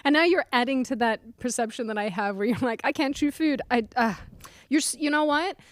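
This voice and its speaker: Teasing young woman, a little high. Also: brisk, dry recording, clean studio sound. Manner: teasing, giggly. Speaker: co-host reading viewer messages. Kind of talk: casual podcast chat.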